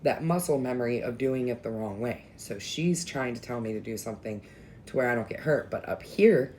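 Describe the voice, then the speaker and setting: A woman's voice: rumbling low, expressive, a little fast, darkish tone, a little hiss or hum. A young adult woman telling a story in a casual vlog, candid and emotional, venting with some swearing. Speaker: vlogger.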